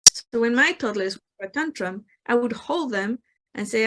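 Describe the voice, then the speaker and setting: A woman hosting a spiritual talk show, calmly explaining her ideas and acting out the replies people give. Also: on the high side, normal speed. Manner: reflective, explanatory, acts out quoted replies. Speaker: host.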